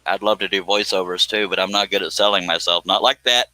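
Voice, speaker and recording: A man's voice: low voice, steady tone, fast talker, sharp tone, no room sound, rough recording. A man, hosting a live stream, joking and reading viewer comments aloud. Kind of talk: casual live stream chat.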